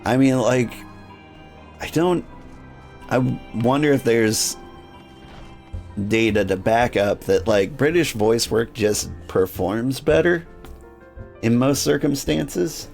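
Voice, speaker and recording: A man's voice: medium pitch, expressive, slow pace, creaky, pauses often, darkish tone, soft background music. A man hosting a let's play, reading game dialogue aloud formally and chatting in a rambling, self-interrupting way. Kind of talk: casual gaming commentary.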